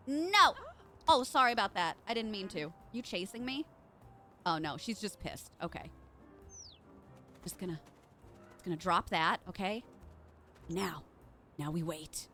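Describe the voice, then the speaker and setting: A woman's voice: medium pitch, bright, forceful tone. A woman streaming a game live, chatting with her viewers and reacting as she plays. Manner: bubbly, chatty, reads chat aloud. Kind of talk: live gameplay commentary.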